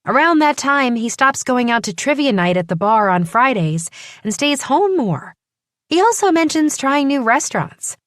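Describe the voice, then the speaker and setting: A woman voicing an eager young rookie cop who talks in a bright, bouncy lilt that keeps climbing up with excitement. the audiobook reading is close and dry, with no room sound around it. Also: high voice, moderate pace, no room sound, pitched above the performer's own voice. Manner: bubbly, rising and earnest. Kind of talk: audiobook character voice.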